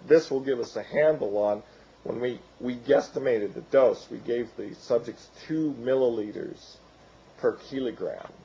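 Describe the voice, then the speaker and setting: Male lecturer, gravelly and mellow, voice giving out, halting delivery, dull lo-fi recording. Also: lowish voice, a little hiss or hum. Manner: halting, with many fillers and restarts. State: losing his voice. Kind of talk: academic lecture with slides.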